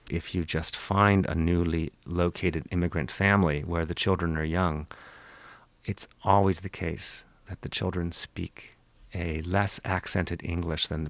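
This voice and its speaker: A man with a Western Pennsylvania accent, a linguistics professor answering interview questions in a measured, lecturing way and demonstrating speech sounds. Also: sits low, no echo. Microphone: studio microphone, close.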